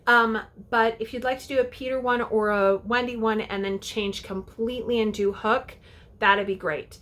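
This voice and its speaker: A woman's voice: on the high side, fairly even intonation, moderate pace, fairly bright tone. A woman directing a youth theater, giving casual, chatty audition instructions to parents and kids, often checking in with "okay?".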